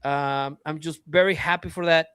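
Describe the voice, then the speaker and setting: This man chats on a wrestling podcast with a smooth, clear voice pitched a little high, recorded close with no room sound. He tells stories eagerly, stumbling and restarting as his thoughts run ahead of him. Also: normal speed, dry recording. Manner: animated storytelling with many restarts. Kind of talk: casual wrestling podcast chat.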